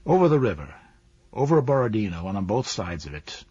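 A man narrating a classic novel as an audiobook in a measured, even storytelling manner. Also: on the low side, husky, dry recording. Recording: dull dry lo-fi recording.

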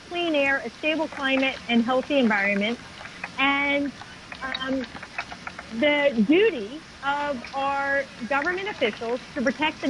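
A woman's voice: high-pitched, a bit bright, a little hiss or hum, poor audio. A woman guest on a talk show, explaining her advocacy earnestly and at length, speaking over a remote call. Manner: earnest, fluent with restarts. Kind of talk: casual interview talk.

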